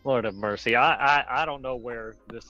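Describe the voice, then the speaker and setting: A man's voice: mid-range voice, moderate pace, pushed and bright, dull audio, faint music behind. A man hosting a casual podcast, joking around, exclaiming often and laughing easily. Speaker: podcast host.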